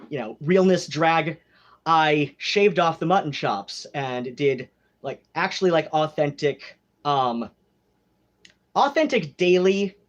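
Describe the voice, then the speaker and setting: A man's voice: on the high side, dull audio. An American man with an affected mid-Atlantic accent, rambling through a casual, gossipy livestream chat at home and leaning hard on "like" and "you know". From United States. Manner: campy, gossipy and theatrical. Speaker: livestream host.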